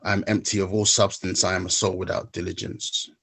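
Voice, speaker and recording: A man reciting a spoken word poem in a measured, rhythmic way, then talking haltingly about his own recovery steps. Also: sits low, flat delivery, creaky, fairly bright tone, slightly rough. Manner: halting, searching for words.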